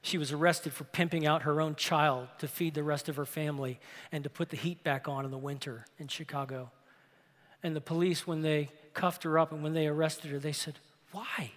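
A man preaching a sermon from the pulpit, swinging between impassioned loud passages and hushed storytelling. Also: a little high, steady tone, a little fast. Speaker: pastor. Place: large church sanctuary. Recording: long reverb of a large hall.

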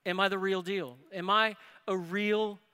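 A man preaching a sermon, telling a family story with rising excitement. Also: sits high, unhurried, smooth. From New Orleans area. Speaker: pastor. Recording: reverberant hall.

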